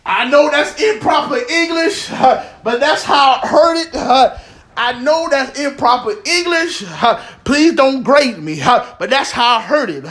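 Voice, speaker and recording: A man's voice: very high-pitched, lively intonation, takes it slowly, fairly bright tone. A man delivering a fervent prophetic sermon, speaking in tongues, peppering his lines with "uh" and "huh," and often breaking into laughter. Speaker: prophetic preacher. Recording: echoey room.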